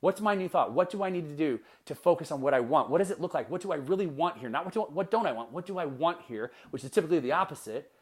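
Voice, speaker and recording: A man with a fairly high voice delivers a motivational podcast monologue as its host. He talks with energy and drives his points home with repeated rhetorical questions. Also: animated, fast talker, hardly any pauses. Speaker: podcast host and life coach.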